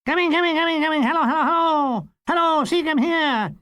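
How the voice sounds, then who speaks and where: A man's voice: very high-pitched, fairly quick, pushed and bright, pitched above the performer's own voice. An older man reading his memoir aloud, putting on the voice of an eager, chattering young man answering the phone, who keeps repeating himself and slips into a mock police voice. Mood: excitable.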